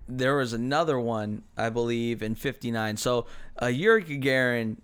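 A man's voice: mid-range voice, normal speed, a bit bright, clean tone. A young American man co-hosting a podcast in casual chat, rambling and profane, with many hesitant fillers. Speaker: podcast co-host.

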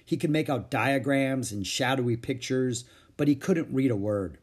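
A man reading a children's chapter book aloud, narrating gently and expressively. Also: medium pitch, normal speed, husky. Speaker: audiobook reader. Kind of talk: storybook read-aloud narration.

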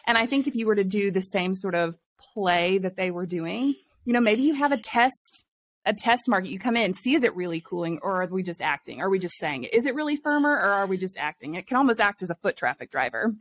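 A woman's voice: medium pitch, lively intonation, quick pace, hardly any pauses. A woman co-hosting a casual business chat, steering the talk and answering with brief agreeing replies. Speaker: podcast co-host.

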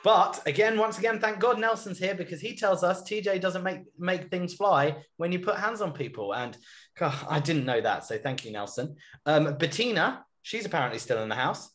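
A man's voice: high voice, expressive, moderate pace, fairly bright tone. A man hosting a podcast, recapping a reality show episode in a wry, casual storytelling way. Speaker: podcast host.

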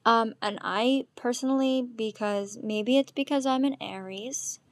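Talking slowly in a fairly high voice, a woman in her twenties hosts her own podcast as a casual solo chat. She wanders from topic to topic, open and unfiltered, filling gaps with "um" and "like," and there's no room sound.

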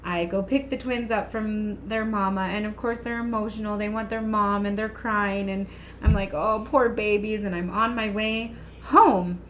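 A woman in her thirties tells a personal story in an animated, chatty way. She laughs easily as she talks. Faint background noise sits under her voice. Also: mid-range voice, moderate pace. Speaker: guest. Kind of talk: casual storytelling.

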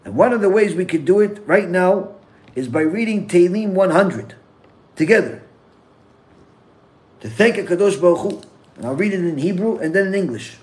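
Animated rabbi preaching a sermon. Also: male voice, high voice. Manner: animated storytelling, acts out characters in a joke; recites Hebrew psalm quickly, then English slowly.

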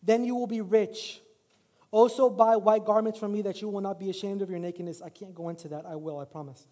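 Male pastor, middle-aged, high voice, casual storytelling sermon, reverberant church. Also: fairly even intonation, fairly quick, warm tone. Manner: casual, self-deprecating storytelling with rising preaching emphasis. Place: church sanctuary. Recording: long hall reverb.

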